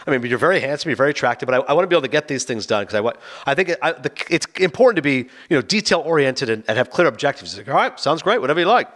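A man's voice: medium pitch, rapid-fire, hardly any pauses. A man casually retelling a film's plot, acting out the characters' lines. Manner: animated, acts out both characters' lines. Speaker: film reviewer.

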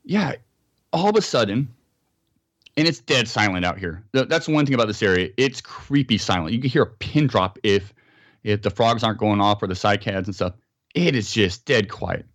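Animated American man telling a story. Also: lowish voice, normal speed, dry recording. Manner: animated storyteller, acts out sounds and quotes. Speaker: podcast guest. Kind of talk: storytelling in a casual interview.

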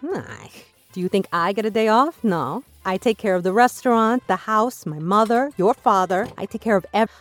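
In an audio drama over faint music, a woman voices a tired, bossy mother who nags and scolds. Her speech carries an exasperated edge and a steady, mid-range tone. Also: medium pitch, moderate pace, few pauses, no echo, lightly acted. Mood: scolding. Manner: scolding, nagging, exasperated sighs. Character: bossy overworked immigrant mother. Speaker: Lena's mother.

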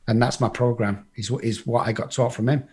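A middle-aged man from England tells his life story in a casual, blunt way, swearing freely and acting out other people's lines. His mid-range voice is husky and darkish, with a steady tone and a slightly fast pace.

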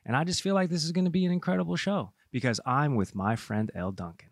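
A man's voice: a little high, quick pace, no room sound, clean studio sound. A man co-hosting a casual sports talk show, playful and jokey, poking fun at himself. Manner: playful, jokey, self-mocking. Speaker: co-host.

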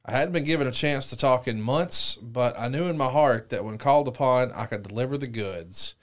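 A man's voice: medium pitch, a little fast. A man hosting a podcast interview, reading book passages aloud and asking follow-up questions. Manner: prompting, reads quoted passages then asks follow-ups. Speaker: podcast host.

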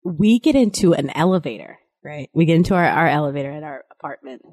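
A woman in her thirties co-hosting a podcast, telling jokey, animated stories in casual chat. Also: low-pitched, quick pace, no echo. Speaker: podcast co-host.

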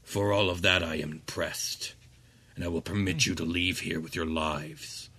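A man's voice: sits low, fairly even intonation, bright, forceful tone. A man playing an imperious demon archduke. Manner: slow, commanding, contemptuous. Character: towering ancient demon archduke, cold and imperious.

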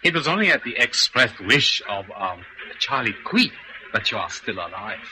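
An actor playing a cold, scheming male criminal mastermind in a vintage radio drama, speaking in a formal, measured, menacing way. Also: lowish voice, very animated, noisy background.

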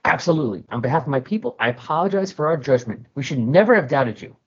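A man voicing a formal, apologetic male alien official in a measured tone. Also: mid-range voice, animated, slightly rough, lo-fi sound.

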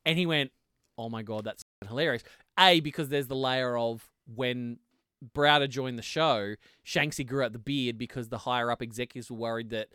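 A man's voice: mid-range voice, normal speed, sharp tone, clean tone, no echo, studio quality. A man co-hosting a podcast, chatting casually about a TV show, laughing often and restarting his sentences. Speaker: podcast co-host. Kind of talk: casual chat.

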